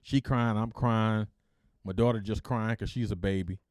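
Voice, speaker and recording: A middle-aged man from Detroit, hosting a podcast and telling his own life story in a casual, animated way, acting out the dialogue and peppering his speech with "freaking". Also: lowish voice, normal speed, dry recording, studio quality. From Detroit, United States.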